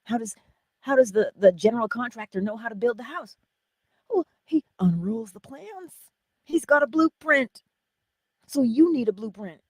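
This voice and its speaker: A woman hosting a morning inspiration livestream, teaching viewers in an animated way, often dropping into whispered asides and talking straight to her audience. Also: fairly high pitch, moderate pace, husky, no echo. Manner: speaks straight to the viewers, answers chat comments. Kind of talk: live-streamed inspirational teaching.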